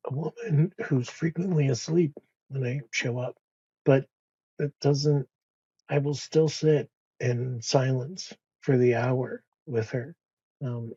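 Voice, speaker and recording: A man speaks slowly and softly in a reflective podcast conversation, pausing and restarting as he goes. His voice is mellow and a little husky. The recording is dry and slightly dull. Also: mid-range voice, no room sound. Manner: slow, soft-spoken, with many pauses and restarts. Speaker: podcast guest.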